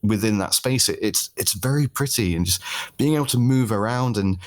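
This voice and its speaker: A young British man chatting casually as a podcast guest, telling lively stories with frequent laughs and casual swearing. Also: lowish voice, brisk. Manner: animated storyteller, laughs often, swears casually. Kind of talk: casual conversation.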